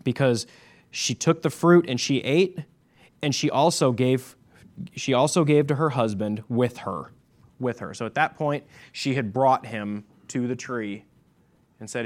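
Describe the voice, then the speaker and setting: A man's voice: mid-range voice, measured pace. A man preaching a sermon as pastor, emphatic and repeating his key points.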